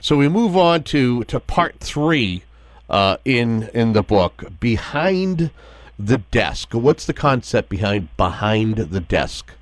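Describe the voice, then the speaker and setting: A male interview host who halts often between words as he introduces each topic. His pitch moves about in a lively way. The recording is dry and close, with no room sound. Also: no echo. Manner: halting, with many "uh"s and repeated words. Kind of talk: interviewing an author.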